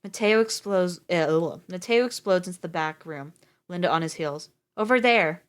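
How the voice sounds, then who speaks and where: Give me a woman reading a story on a live stream, with a lowish voice and joking asides. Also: moderate pace, clear, resonant tone. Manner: casual, swearing, laughing asides.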